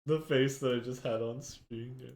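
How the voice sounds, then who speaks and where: A man's voice: mid-range voice, fairly even intonation, normal speed, darkish tone. A man co-hosting a casual podcast chat, jokey and playful. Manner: jokey, playful, does mock infomercial voice. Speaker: podcast co-host.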